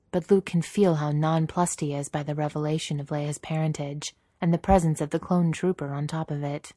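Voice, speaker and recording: Low-voiced woman reading a story. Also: mellow, dry recording, clean studio sound. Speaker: narrator. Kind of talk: reading fan fiction aloud.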